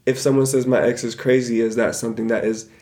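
Young man, podcast co-host, gravelly, relaxed rambling chat. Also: medium pitch, fast. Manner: relaxed, rambling, lots of filler words. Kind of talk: casual chat.

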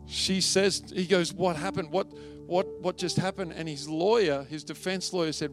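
A man's voice: a little high, steady tone, normal speed, hardly any pauses, faint music behind. A man preaching a sermon and telling a story with rising emotion, at times close to tears. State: tearful at times. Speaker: pastor.

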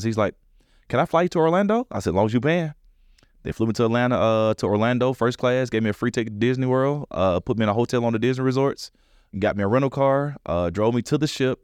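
A man's voice: fairly low pitch, no echo, studio quality. A man, a comedian, telling stories in a casual interview, acting out the voices of people in them. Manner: animated storyteller, acts out other people's lines. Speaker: comedian guest.

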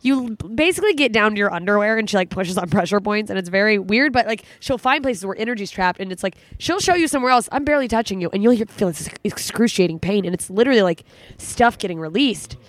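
A young woman hosts a casual podcast chat, speaking at medium pitch with lively intonation and a fast pace, recorded cleanly on a studio microphone with no echo. She talks candidly and emotionally, swearing a lot and laughing often, and she sounds tearful.

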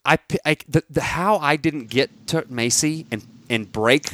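A man's voice: on the high side, unhurried. A man in his thirties co-hosting a podcast, telling a long story in a casual chat with frequent restarts. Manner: animated storyteller, restarts and laughs, bursts into shouts. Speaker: podcast co-host.

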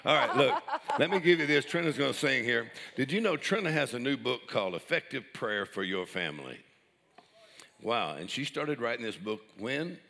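A man's voice: mid-range voice, expressive, moderate pace, creaky, pushed and bright, big-room sound, slight background noise. An older male pastor preaching with jokes, chuckling at his own punchlines. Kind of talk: sermon with jokes.

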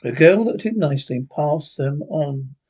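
A man's voice: on the high side, lively intonation, normal speed, a little mellow, husky. A man reading a classic horror story aloud, with small slips and restarts as he goes. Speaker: narrator.

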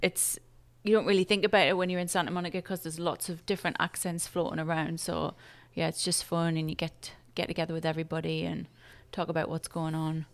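A woman from England chatting casually as an interview guest, chatty and quick to laugh. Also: low-pitched, level tone.

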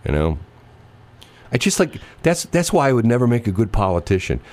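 A man's voice: mid-range voice, fairly quick. A man hosting a radio show, chatting casually and telling stories, acting out the voices of people in them. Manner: animated storyteller, mimics voices. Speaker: radio host.

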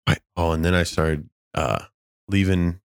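Young guy, podcast co-host, lowish voice, dry close sound, easygoing slang. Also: a little slow, clean tone, dry recording. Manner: laid-back, slangy. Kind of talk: casual chat.

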